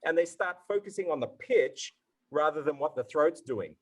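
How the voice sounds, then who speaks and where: A man's voice: fairly high pitch, lively intonation, normal speed, low-quality recording. A man teaching pronunciation in a live question-and-answer session, enthusiastic and demonstrative, sounding out syllables to show how tones work. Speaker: Mandarin tone instructor answering questions. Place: online event session.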